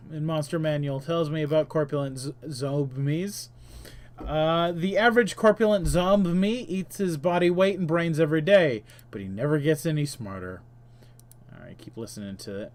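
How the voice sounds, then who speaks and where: Guy with a higher voice doing a chill game stream, reading the game text out loud, lots of uhs and restarts. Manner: reads game text aloud between offhand remarks; frequent filler "uh" and self-corrections. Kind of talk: casual let's-play commentary.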